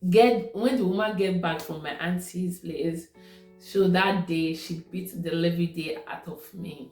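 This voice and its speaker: A woman's voice: fairly low pitch, a little slow, a little mellow. A woman with a Nigerian accent telling a personal story in a casual, conversational way. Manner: conversational, repeats herself. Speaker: vlogger. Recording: echoey room with faint music.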